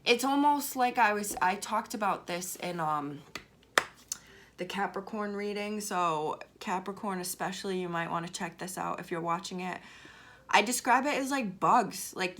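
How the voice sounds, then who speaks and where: A woman's voice: mid-range voice, a little slow, a bit bright. Young boston woman, tarot vlogger, rambly and sweary, lots of "like", talks it out casually. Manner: candid, swears freely, rambling with many "like"s. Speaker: tarot reader. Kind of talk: casual storytelling vlog.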